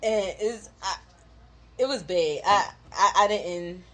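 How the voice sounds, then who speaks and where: Laughing woman telling stories. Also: mid-range voice. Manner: animated, laughing often, quick asides with "like". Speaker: co-host of a couples channel. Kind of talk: casual storytelling chat.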